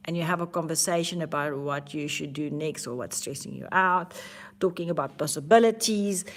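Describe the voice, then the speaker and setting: A woman's voice: low-pitched, normal speed. A woman vlogger talking casually and candidly to camera about her self-help habits, earnest, with frequent restarts.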